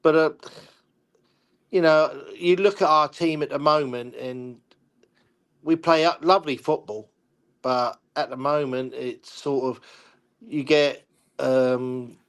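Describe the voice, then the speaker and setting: An older man, a former player, giving frustrated football analysis in halting, repetitive talk. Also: medium pitch, steady tone. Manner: halting, repeats words, frustrated. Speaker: guest pundit, former player. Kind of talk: casual football discussion.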